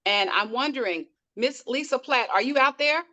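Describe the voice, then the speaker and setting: A woman's voice: high-pitched, normal speed, pushed and bright, lo-fi sound. A woman hosting a call-in wellness show, speaking in an upbeat, welcoming way as she introduces herself and her guest. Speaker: host.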